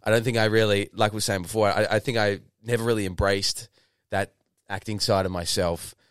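Young Australian guy, deep and smooth, rambling storyteller, dry close mic. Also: steady tone, brisk, no room sound. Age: 20s. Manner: rambling, lots of fillers and restarts, swears casually. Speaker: podcast guest, actor. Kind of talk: casual interview storytelling.

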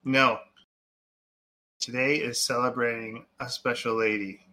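A man co-hosting a relaxed movie podcast, talking in loose, rambling sentences full of fillers. His voice is bright and of middle pitch. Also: a little slow. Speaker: podcast co-host. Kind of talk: casual movie chat.

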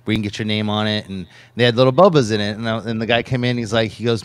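A man's voice: on the low side, fairly even intonation, very fast, hardly any pauses, dry recording. A man co-hosting a livestream who tells a long casual story about his day, rambling with many repeats of "he goes" and raising his voice to act out quotes. He is tired and his voice is off tonight. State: voice problems, tired from a busy day. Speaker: co-host, vending operator.

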